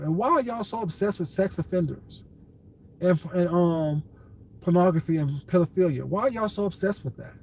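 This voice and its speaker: Man on a livestream talking back to chat, kinda high pitched, blunt, laughs a lot, calls everyone baby. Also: moderate pace. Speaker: livestream host reading viewer comments.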